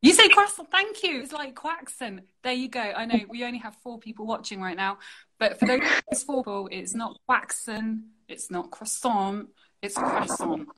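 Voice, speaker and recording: A young British woman, chatty and quick to laugh, talking casually on a phone livestream. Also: fairly high pitch. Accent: British English. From United Kingdom. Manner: chatty, laughs often, animated. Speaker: guest artist. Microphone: phone on a live video call.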